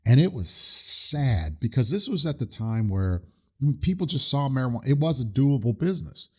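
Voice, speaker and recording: A man hosting a casual podcast, telling stories at length with frequent restarts. His tone runs indignant, and his pitch sits in the middle. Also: sing-song, normal speed, breathy edge. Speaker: podcast host.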